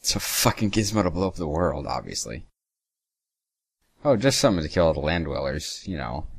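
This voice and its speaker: A man's voice: very deep voice, very animated, brisk, gravelly, husky, dry recording, clean studio sound. A young man giving casual, sarcastic reaction commentary, swearing freely and stumbling as he reads lines aloud. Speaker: reaction video host.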